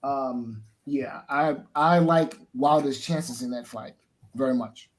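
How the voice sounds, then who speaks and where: A man giving casual boxing analysis as a show guest, halting and restarting as he thinks. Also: medium pitch. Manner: halting, lots of fillers and restarts.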